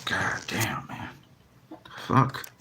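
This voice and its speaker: A man's voice: sits low, big pitch swings, drawn-out words, bright, forceful tone, a little hiss or hum. A man talking casually to his camera about boxing, often frustrated and swearing, with lots of restarts and fillers. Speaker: boxing commentary vlogger.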